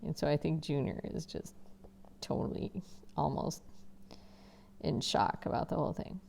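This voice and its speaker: A woman teacher reading a novel aloud in first person, expressive and conversational, with casual asides to listeners. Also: low-pitched, a little slow, creaky, slight background noise.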